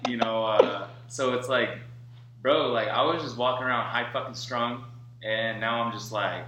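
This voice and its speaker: A man's voice: medium pitch, moderate pace, pushed and bright. A man co-hosting a podcast, telling stories in casual, profane chat with rambling fillers. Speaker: podcast co-host. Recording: echoey room with faint hum.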